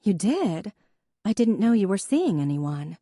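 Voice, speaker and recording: A woman voicing a warm, direct younger sister who talks frankly and kindly. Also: medium pitch, sing-song, measured pace, dry recording, studio quality, pitched above the performer's own voice. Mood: friendly.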